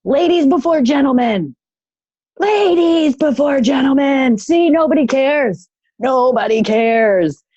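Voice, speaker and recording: A woman voicing a loud, cranky, hard-of-hearing retired old man who rants at strangers. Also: medium pitch, normal speed, no room sound, muffled recording, lightly acted. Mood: shouting.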